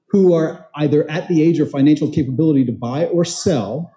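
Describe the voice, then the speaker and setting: A man's voice: a little high, animated, moderate pace, mellow. A man giving a motivational talk at a conference, chatting with the audience and telling stories. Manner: conversational, quizzes the crowd, tells stories. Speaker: conference speaker and real estate trainer. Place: large event hall. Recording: roomy echo of an event hall.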